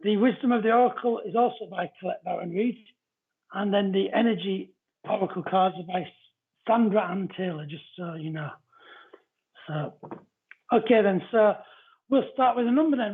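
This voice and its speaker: Husky-voiced man reading cards on a live stream. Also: sits high, moderate pace. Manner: chatty, greets viewers between explanations. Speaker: psychic card reader. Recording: narrow phone-like audio.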